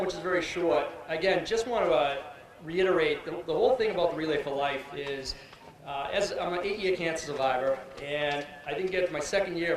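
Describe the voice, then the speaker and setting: Fast-talking man, echoey PA sound. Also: a little high, recorded from a distance. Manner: rambling, animated storytelling with many restarts. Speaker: cancer survivor speaker. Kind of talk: personal story at a public ceremony. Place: outdoor event with a crowd.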